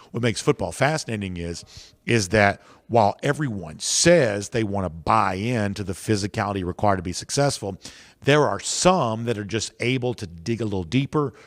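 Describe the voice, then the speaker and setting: A man hosting a sports podcast, talking in a measured, analytical and emphatic way. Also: lowish voice, no echo. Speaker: podcast host.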